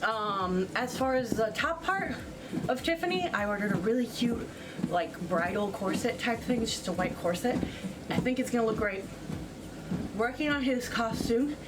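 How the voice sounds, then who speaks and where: A woman's voice: medium pitch, heavy background noise. A young woman talking casually in a vlog, rambling with lots of fillers and a bit out of breath. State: out of breath on a treadmill. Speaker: vlogger. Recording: music playing behind.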